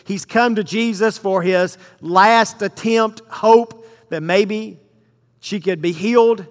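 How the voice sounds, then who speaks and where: Guy preaching, reads the verses slow then breaks them down, big echoey hall. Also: high-pitched. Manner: reads verses slowly, then explains with emphasis. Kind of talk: sermon with scripture reading. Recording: long hall reverb.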